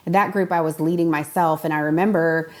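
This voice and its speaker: Young woman guest, earnest storyteller, lowish pitch, casual interview talk. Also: steady tone, fairly quick. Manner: earnest storytelling, acts out quoted voices.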